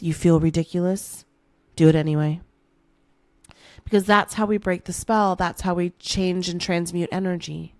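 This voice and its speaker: A woman's voice: lowish voice, a little mellow, no room sound. A woman hosting a motivational podcast, coaching the listener in a playful, hyped way and calling them baby. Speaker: manifestation coach and podcast host.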